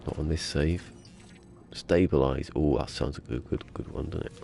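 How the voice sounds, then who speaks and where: A man with a low, gravelly voice talks his way through a game live, full of rambling, jokey self-talk. He is sniffly with a cold and sits in a small room at home, with a faint hiss behind him. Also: steady tone, normal speed, dark tone. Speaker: game streamer. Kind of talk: casual live-stream chatter.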